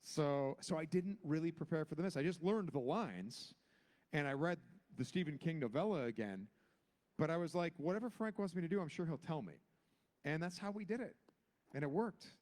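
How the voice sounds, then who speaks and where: Storyteller, man, 40s, lively pitch, slightly high, acts out all the voices. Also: normal speed. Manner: acts out every character with big pitch jumps. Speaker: guest actor on a convention panel. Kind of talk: animated anecdote telling. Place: convention panel stage.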